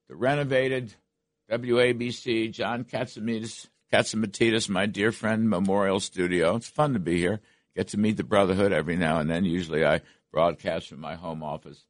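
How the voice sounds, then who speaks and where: A man's voice: fairly low pitch, dry recording, studio quality. Older male radio host, emphatic monologue. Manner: emphatic, rising to indignant questions, frequent restarts. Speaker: radio talk show host. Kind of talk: opinion monologue. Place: radio studio.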